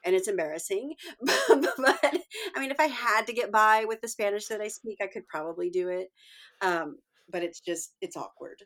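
A woman's voice: medium pitch, moderate pace, fairly bright tone. A woman teacher in a casual chat, candid and self-deprecating.

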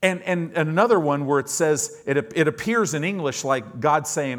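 A man preaching a sermon in a church, moving between loud, emphatic lines and hushed, low-voiced ones. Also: normal speed. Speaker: pastor.

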